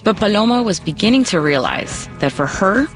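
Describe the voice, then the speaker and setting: A woman reporter narrating a scripted radio news feature in a measured, storytelling way. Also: medium pitch, big pitch swings, music in the background.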